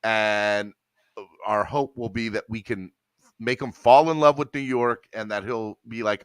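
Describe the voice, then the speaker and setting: A man hosting a casual sports podcast, talking in an animated, rambling way with restarts. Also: on the low side, unhurried, clean tone, no echo. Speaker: podcast host.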